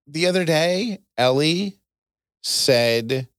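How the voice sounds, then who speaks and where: A man hosting a casual chat show, telling stories with a voice that jumps high for emphasis. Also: expressive, normal speed, dry recording, clean studio sound. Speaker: podcast host.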